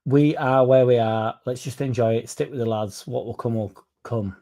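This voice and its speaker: A man chats on a football fan livestream, reading out viewer comments and answering them. His voice is gravelly with a dark, mellow tone. He rambles, swears freely and keeps things loose and casual. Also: mid-range voice, steady tone, moderate pace. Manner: swears freely, rambles, mocks critics in a raised put-on voice. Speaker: fan channel host reading live chat.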